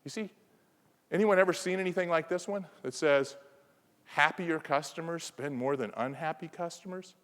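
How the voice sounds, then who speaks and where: A man's voice: on the high side, moderate pace, a bit bright. A man from the American South giving a playful conference presentation, teasing the audience. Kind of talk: keynote talk. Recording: reverberant conference hall.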